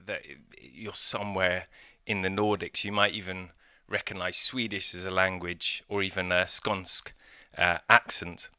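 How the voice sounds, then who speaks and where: British man, middle-aged, deep and bright-toned, dry close sound; relaxed speaker who thinks aloud. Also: no room sound. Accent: British English. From Britain. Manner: conversational, thoughtful, with frequent fillers and restarts. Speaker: city architect. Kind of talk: conference talk. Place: outdoor courtyard by historic buildings.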